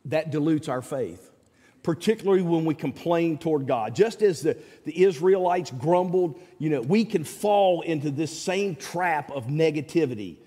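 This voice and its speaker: A man preaching a sermon in a folksy manner, dropping his voice low and soft on key words and rising high when he quotes others. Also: animated, normal speed, in a large hall. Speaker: pastor.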